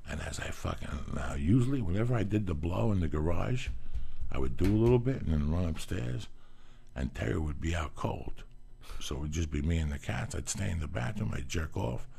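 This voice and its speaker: A man telling personal stories in a casual talk, animated and profane, acting out what people said. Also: sits low, fairly quick, creaky. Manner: profane, animated storytelling, acts out quotes. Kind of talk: casual storytelling chat.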